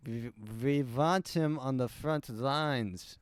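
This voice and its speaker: A man's voice: mid-range voice, takes it slowly, clear, resonant tone, no echo, natural voice. A man voicing a stern German official in a put-on German accent.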